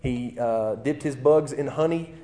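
A man preaching a sermon in a relaxed, conversational way, with fillers and restarts. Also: mid-range voice, unhurried. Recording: long hall reverb.

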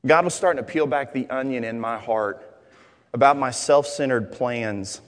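A young man preaching a sermon in a large hall, telling jokes and stories in an animated way. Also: mid-range voice, moderate pace. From Arkansas, USA. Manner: animated, joking storytelling. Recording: long hall reverb.

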